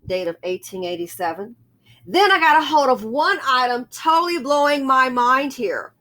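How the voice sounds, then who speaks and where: A woman vlogger telling a rambling, excitable story in a casual monologue, full of exclamations. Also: high voice, normal speed.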